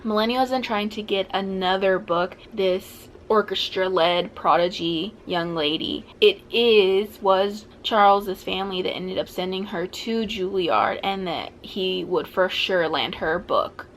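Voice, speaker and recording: A young woman talks through a recap in a casual, chatty vlog voice. Her pitch sits in the middle of the range and she drops in plenty of fillers. A faint background noise runs under the recording. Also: unhurried, hardly any pauses. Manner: chatty, with upbeat fillers like "like" and "blah, blah". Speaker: vlogger recapping a TV show. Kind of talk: casual chat.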